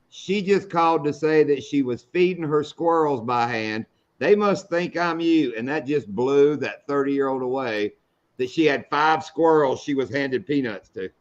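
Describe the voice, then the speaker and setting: Folksy storytelling man, lo-fi stream. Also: fairly high pitch. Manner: folksy, storytelling, salty language. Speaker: fishing show host. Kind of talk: casual live-stream chat.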